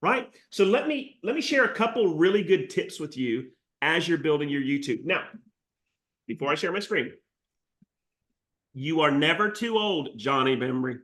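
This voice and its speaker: A man with a slightly high voice, running a live coaching session for real estate agents. He talks with energetic, salesy enthusiasm and drops in jokes as he goes. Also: moderate pace. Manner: energetic, jokey, salesy pep talk. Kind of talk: live training webinar.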